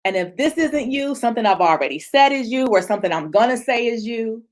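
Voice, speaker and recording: Woman speaker, slightly high voice, lively motivational talk over a video call. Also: a little fast. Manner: animated, acts out voices of others, laughs often. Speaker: speaker at a virtual retreat.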